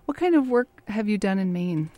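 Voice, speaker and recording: A woman's voice: mid-range voice, very animated, brisk, warm tone, no room sound. A woman interviewer asking friendly, prepared questions in a casual interview.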